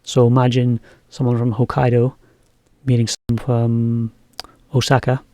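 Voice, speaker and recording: A man giving a relaxed, chatty language lesson. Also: mid-range voice, moderate pace, no echo. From England. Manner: relaxed, chatty, laughs often. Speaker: English teacher. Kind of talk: casual lesson commentary.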